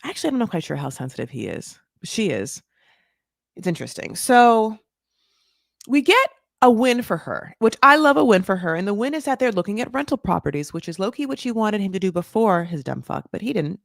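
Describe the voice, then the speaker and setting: A woman's voice: medium pitch, sing-song, fairly quick, vocal fry, dry recording, studio quality. A woman hosting a casual reality-show recap, gossipy and sarcastic, swearing and filling her talk with "like".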